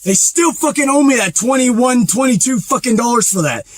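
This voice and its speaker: A man's voice: very high voice, expressive, moderate pace, no echo. A man driving a truck, talking casually to the camera and ranting angrily with constant swearing. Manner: angry, profane ranting. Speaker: truck driver. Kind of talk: casual vlog rant while driving. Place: truck cab on the road.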